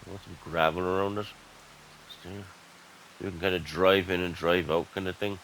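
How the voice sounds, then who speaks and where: An Irish man giving casual, excitable gameplay commentary and chatting to his viewers as "lads". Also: deep voice, moderate pace, a little hiss or hum, low-quality recording. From Ireland. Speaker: gaming YouTuber.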